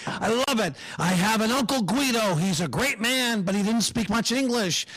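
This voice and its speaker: A male stand-up comedian telling punchy, animated stories about his Italian-American family. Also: high-pitched, normal speed.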